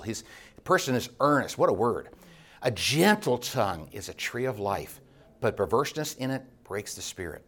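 A man leading a Bible class, talking in a loose, conversational way that breaks into restarts. He grows passionate, lifting his voice and then letting it sink low and quiet. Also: big pitch swings, moderate pace. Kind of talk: teaching sermon.

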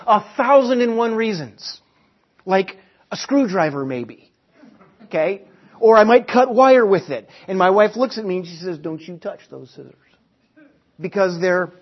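A middle-aged man preaching a sermon, teaching earnestly and repeating key phrases for emphasis. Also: sits high. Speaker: pastor. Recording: dull lo-fi recording.

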